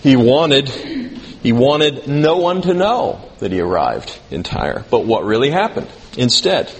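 Speaking a little slowly at medium pitch, this male pastor lets his voice swing widely up and down. His sermon feels like a conversation, with questions for the congregation and dry jokes at his own expense, all in a hall with long reverb and faint noise behind.

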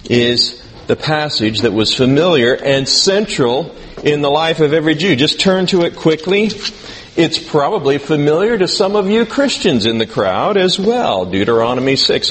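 A man's voice: a little high, sing-song, moderate pace, a little hiss or hum. A man preaching in a conversational teaching style, reading scripture aloud and asking his listeners questions. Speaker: preacher teaching a Bible class. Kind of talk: sermon.

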